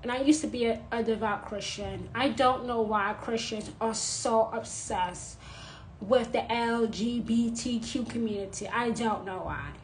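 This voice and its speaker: A woman's voice: on the high side, a little slow, slight background noise, rough recording. A woman vlogger giving an unscripted, blunt monologue, repeating her points for emphasis.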